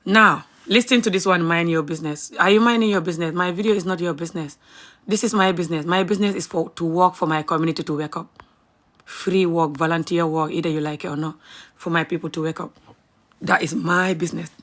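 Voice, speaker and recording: A woman's voice: fairly low pitch, fairly even intonation, fast. Woman ranting at the camera, pushy and repetitive, hammers every point. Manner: forceful, repetitive, emphatic. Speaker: motivational speaker and comedian. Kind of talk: impassioned social media rant.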